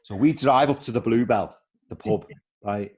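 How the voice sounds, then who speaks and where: Man, middle-aged, low voice, lively anecdotes, casual interview. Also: normal speed, vocal fry, slightly rough. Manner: animated storyteller acting out quoted voices. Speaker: former footballer guest.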